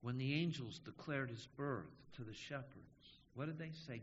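A male pastor preaching a sermon, slow and measured, stressing key words with emphasis. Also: medium pitch, animated, slightly rough. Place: church sanctuary. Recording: dull audio in a reverberant hall.

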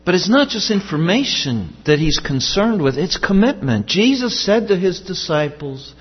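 A man's voice: sits high, big pitch swings, moderate pace, hardly any pauses, husky. A man preaching a sermon in an earnest, emphatic way, repeating his key questions. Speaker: pastor. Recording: dull sound with long hall reverb.

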